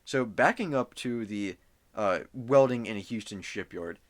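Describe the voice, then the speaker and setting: A man's voice: lowish voice, a little slow. A young man co-hosting a podcast, telling a story loosely in casual chat, with fillers and swearing. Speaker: podcast co-host.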